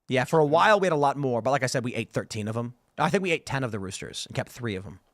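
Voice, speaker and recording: A man hosting a casual panel talk show, telling stories in an animated way and reading viewer comments aloud. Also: mid-range voice, rapid-fire, no echo. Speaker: show host.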